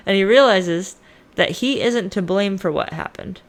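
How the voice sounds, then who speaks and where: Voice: medium pitch, moderate pace. Profane, slangy myth storyteller. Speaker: podcast host. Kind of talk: casual retelling of myths.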